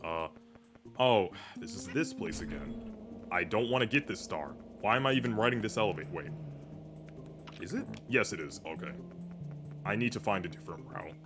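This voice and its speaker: A man's voice: low voice, expressive, normal speed, pauses often. Rambling young man over game music. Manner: rambling, filler-heavy chatter. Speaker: streamer. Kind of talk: casual gameplay commentary. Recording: music playing behind.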